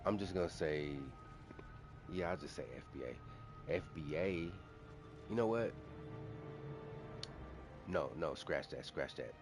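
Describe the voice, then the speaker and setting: A man's voice: low voice, expressive, slow, pauses often, over music. A man talking casually on his own channel, rambling with restarts and self-corrections as he goes. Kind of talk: casual solo commentary.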